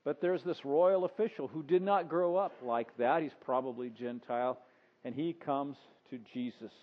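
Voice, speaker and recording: A man's voice: mid-range voice, moderate pace. A man preaching a sermon in a conversational way, acting out the story in voices. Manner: conversational, acts out the scene in voices. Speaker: pastor. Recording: dull sound with long reverb.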